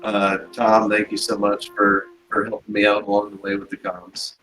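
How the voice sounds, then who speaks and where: A man's voice: fairly low pitch, completely flat delivery, normal speed, fairly bright tone, faint music behind, rough recording. A man with an American accent commentating, giving upbeat thanks at the end of a stream. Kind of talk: casual thank-yous on a stream.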